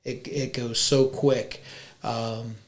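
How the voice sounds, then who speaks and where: A man in his fifties, a podcast guest, talking casually and reflectively with halting restarts. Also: medium pitch, little pitch movement. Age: 50s. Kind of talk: casual chat.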